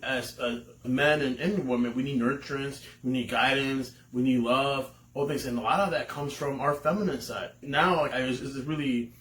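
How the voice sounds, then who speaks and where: A man's voice: mid-range voice, steady tone, moderate pace, few pauses, fairly bright tone. A man co-hosting a podcast in casual chat, telling candid stories with laughter and swearing. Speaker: podcast co-host. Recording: roomy room with faint noise.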